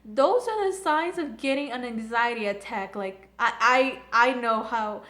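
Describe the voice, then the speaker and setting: A woman's voice: on the high side, measured pace, pushed and bright. A young woman recapping and reviewing an anime episode in a casual, rambling, gushing fan manner. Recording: echoey room.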